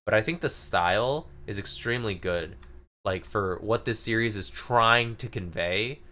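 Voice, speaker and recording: Guy on a podcast rambling thru manga chapters, lots of "like", kinda low but bright voice. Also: moderate pace. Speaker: podcast co-host. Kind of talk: casual manga review chat.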